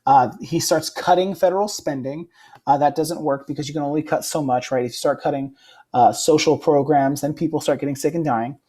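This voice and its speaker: Teacher type: young man, a bit high-pitched, easygoing lecture delivery with lots of "right?". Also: fairly even intonation, brisk, warm tone, husky. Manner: casual, frequent "right?" check-ins and fillers. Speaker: history teacher. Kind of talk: recorded classroom lecture.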